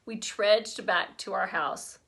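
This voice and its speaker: A woman's voice: mid-range voice, fairly even intonation, slow pace, vocal fry, a bit bright. A woman teacher reading a children's chapter book aloud expressively, breaking off for chatty asides to her class.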